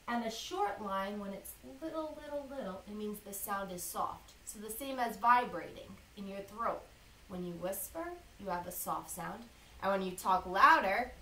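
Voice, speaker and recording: A woman teacher reading a lesson to young children, slow and clearly enunciated, encouraging them to repeat after her. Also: medium pitch, sharp tone, far from the mic. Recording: echoey room, a bit off-mic.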